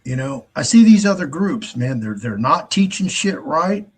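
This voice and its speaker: A man's voice: fairly high pitch, very animated, normal speed, husky. A man hosting his own show in a casual, rambling monologue, blunt and heavy on profanity. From United States. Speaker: host.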